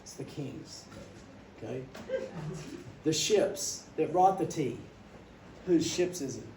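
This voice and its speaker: A middle-aged man, teaching a class through animated stories and questions to students. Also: fairly high pitch, slow pace. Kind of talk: classroom storytelling lecture. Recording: echoey classroom, distant mic, background noise.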